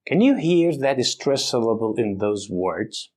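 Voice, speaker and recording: A man teaching an English vocabulary lesson, speaking deliberately and exaggerating the stress on words for emphasis. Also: mid-range voice, big pitch swings, darkish tone.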